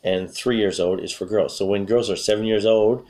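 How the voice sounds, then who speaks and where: Rambling through a relaxed spoken lesson for English learners, this deep-voiced teacher from the USA keeps a moderate pace. Now and then he clears his slightly hoarse throat, and he frequently fixes what he's saying partway through a sentence.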